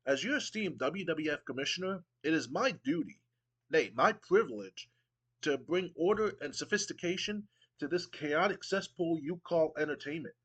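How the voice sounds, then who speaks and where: A man's voice: a little high, expressive, normal speed, fairly bright tone, breathy edge, pitched above the performer's own voice. A man voicing a smug, pompous male wrestling commissioner who talks down to the crowd in a haughty, lofty manner. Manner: haughty, lofty, condescending speech.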